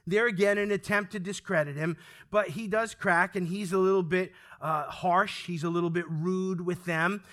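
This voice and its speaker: A pastor preaching to his congregation in a high, bright voice. He is lively and animated, calls out for amens and acts out quoted speech as he goes. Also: moderate pace. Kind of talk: sermon. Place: church sanctuary with congregation.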